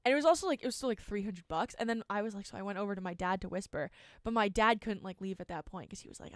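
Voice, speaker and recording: A young woman around twenty, co-hosting a sports talk show from a college radio studio. She tells stories with animation and peppers them with fillers. Her voice sits at a middle pitch and the sound is dry and close, with no room echo. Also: very fast. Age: about 20. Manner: animated storyteller, filler-heavy. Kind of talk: casual sports chat.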